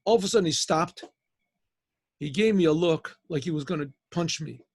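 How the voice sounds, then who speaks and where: A man's voice: on the high side, normal speed, a little mellow, husky, no echo. A man, a rabbi, telling a story in a rambling, conversational way with many restarts, speaking over a video call. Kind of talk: storytelling talk.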